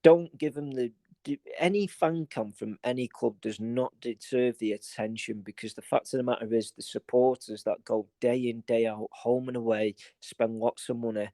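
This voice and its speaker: A man's voice: medium pitch, steady tone, normal speed, mellow, dry recording. Male co-host, blunt and sweary, heated football rant, dry close sound. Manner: swears a lot, ranting. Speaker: podcast co-host. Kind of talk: casual football chat.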